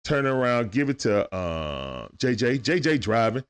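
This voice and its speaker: A man giving casual, excitable play-by-play commentary on a live stream, chatting with his viewers in slang. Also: mid-range voice, unhurried, clean tone.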